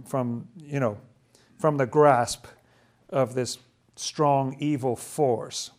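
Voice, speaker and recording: A man's voice: a little high, a little mellow. A man leading a casual Bible study, explaining passages with enthusiasm and asking questions as he goes.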